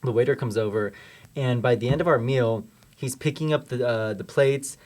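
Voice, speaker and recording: A man's voice: medium pitch, moderate pace, a little mellow. A young man co-hosting a podcast, chatting casually in a wry, easygoing way and often trailing off mid-thought. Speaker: podcast co-host. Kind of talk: casual chat.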